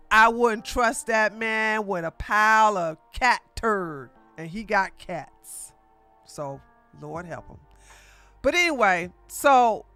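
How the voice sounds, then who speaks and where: A blunt, sassy commentator talks through online drama on a casual stream, calling people out directly. The voice is bright and a little forceful, and there is faint music underneath. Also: medium pitch. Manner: blunt, sassy trash-talk; talks straight at the people discussed.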